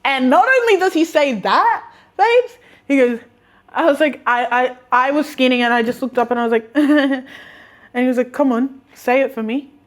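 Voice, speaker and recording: A young woman in her twenties telling stories in a chatty, animated, slangy way, with laughs and restarts. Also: high voice, normal speed. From Australia. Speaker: vlogger. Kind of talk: casual storytime.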